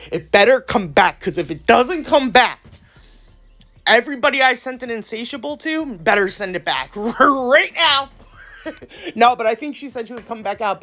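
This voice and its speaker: A woman's voice: a little high, fairly bright tone. A woman nail artist and brand ambassador chatting casually to her viewers, rambling, slangy and outspoken. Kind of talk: casual vlog chat to viewers.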